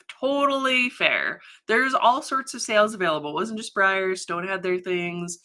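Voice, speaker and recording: A woman's voice: medium pitch, pushed and bright. A woman hosting her studio livestream, chatting casually, reading viewer comments and getting easily sidetracked with frequent laughs.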